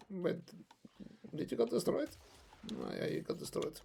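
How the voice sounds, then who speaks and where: A man's voice: high-pitched, lively intonation, moderate pace, vocal fry, pauses often, mellow, slightly rough. A man chatting casually on a live stream, rambling playfully with lots of fillers as he talks about his voice-acting hobby.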